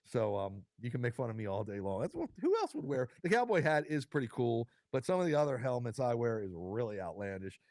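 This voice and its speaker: A man's voice: mid-range voice, sing-song, a little fast, hardly any pauses, darkish tone, no room sound. Folksy rambling man hosting a vodcast. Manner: rambling, folksy, with fillers and restarts. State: choked up with emotion. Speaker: podcast host. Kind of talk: casual solo vodcast talk. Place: studio.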